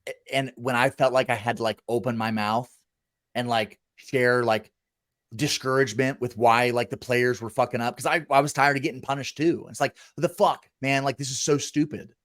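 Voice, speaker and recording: A man's voice: medium pitch, fairly even intonation, normal speed, a bit bright. A man in his thirties hosting a casual podcast, talking bluntly with lots of swearing and acting out voices from his past. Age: 30s. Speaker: podcast host and former college football walk-on.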